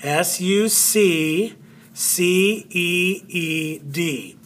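A male teacher walks a class through a phonics lesson, speaking slowly and saying words over and over to stress a syllable. His voice is a little husky, and he now and then moves away from the mic while he writes. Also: sits high, a bit bright. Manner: slow, drawn-out words, spelling letters aloud.

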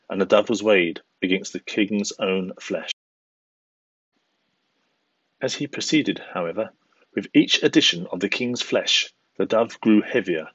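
A man reading a traditional fable aloud for a school assembly, in a measured, expressive way. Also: lowish voice, husky, dry recording, lo-fi sound. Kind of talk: storybook reading.

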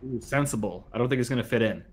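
A joking man banters on a live game stream, pitching silly ideas and reading chat messages aloud. His voice sits at an average pitch for a man. Faint music plays behind the chat. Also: quick pace. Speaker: streamer co-host. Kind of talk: casual live-stream chat over gameplay.

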